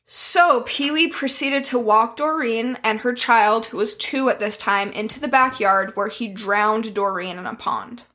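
A woman with a somewhat high voice co-hosts a casual true-crime podcast. She tells the case bluntly and swears freely. She slows down over the grim details. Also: bright, forceful tone. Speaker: podcast co-host telling the case.

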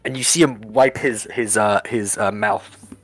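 A man's voice: lowish voice, fairly even intonation, measured pace, fairly bright tone, dry recording, faint music behind. A man narrating a tabletop game as game master, with many restarts and fillers.

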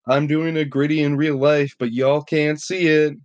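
A man's voice: a little high, little pitch movement, darkish tone, lo-fi sound. A young man co-hosting a casual podcast, sounding tired, joking goofily and laughing often. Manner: goofy, laughs often, drawn-out jokey asides. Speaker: podcast co-host. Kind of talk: casual chat among friends.

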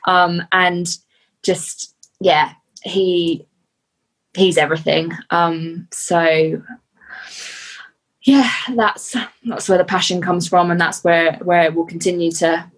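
Earnest woman guest, lowish voice. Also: poor audio. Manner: earnest and heartfelt, pausing often with "um". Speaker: podcast guest, fitness athlete. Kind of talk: casual interview chat.

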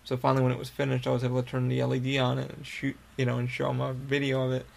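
A young man recounts a personal story on his podcast in a loose, meandering monologue. His voice is heavily gravelly and stays flat in pitch, sitting at an ordinary male height. He swears freely and circles back on himself with fillers and restarts. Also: very fast. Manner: rambling, profane, full of fillers and restarts. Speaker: podcast host.

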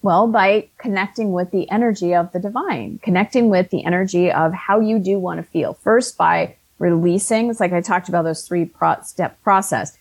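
Fifties woman, kinda low voice, earnest chatty coach type, keeps restarting sentences. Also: moderate pace, vocal fry, few pauses, darkish tone. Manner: earnest, frequent restarts and self-corrections. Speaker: author and life coach. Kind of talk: conversational storytelling.

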